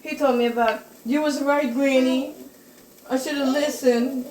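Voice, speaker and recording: An older woman in her kitchen telling family stories in a casual chat, animated and acting out what people said. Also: high voice, unhurried, echoey room, noisy background. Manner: animated, acts out quoted dialogue in raised voice. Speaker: step-mother giving life advice. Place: home kitchen.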